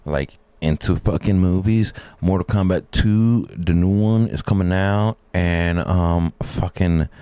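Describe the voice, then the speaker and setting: A man's voice: sits low, takes it slowly, hardly any pauses, mellow, clean tone, no room sound. A man rambling casually and cursing freely while hosting a reaction live stream. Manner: rambling, profane, jokey.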